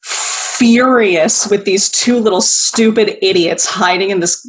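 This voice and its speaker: A woman's voice: mid-range voice, slow pace, slight background noise, rough recording. Emphatic, sweary woman co-host. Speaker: podcast co-host. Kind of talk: casual chat.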